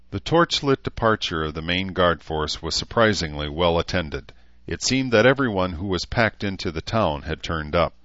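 A man reading an audiobook in an even, measured way. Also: sits low, dry recording, dull audio. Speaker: audiobook narrator. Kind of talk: scripted narration.

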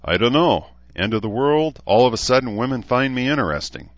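A man's voice: mid-range voice, lively intonation, fairly quick, no room sound, lo-fi sound, voice pushed up, close to an everyday voice. A man voicing a young man who jokes about himself with dry asides. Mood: joking. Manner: joking, dry self-mocking asides. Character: young man, wry self-deprecating joker.

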